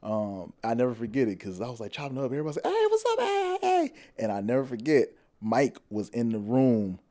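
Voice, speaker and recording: A man's voice: medium pitch, quick pace, mellow. A man hosting a podcast, chatting casually and encouragingly, acting out quotes with bursts of energy, in a hotel room. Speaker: podcast host. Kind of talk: casual chat.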